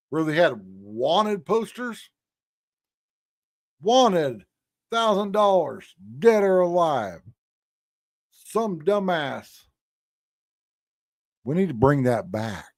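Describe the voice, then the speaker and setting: A man's voice: a little high, darkish tone, no echo, studio quality. A man ranting on a live stream in a crude, blunt and angry way. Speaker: streamer commenting on clips. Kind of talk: profane live-stream rant.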